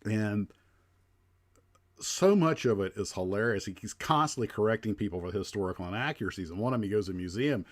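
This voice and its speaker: On a laid-back livestream, a US host speaks in a lowish, expressive voice at a brisk clip. His talk wanders, full of fillers and false starts.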